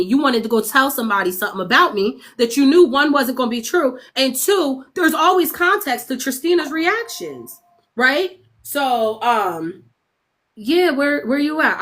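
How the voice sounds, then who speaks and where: A young adult woman with a high voice tells a story to her livestream chat. She's casual, animated and profane, laughs often, and acts out what other people said.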